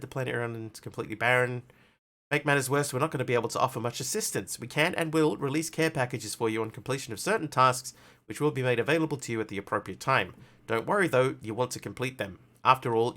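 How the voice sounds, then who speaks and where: A man streaming a survival game, chatting casually and reading story text aloud with theatrical flair. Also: medium pitch. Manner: animated, jumping between chatty asides and theatrical reading.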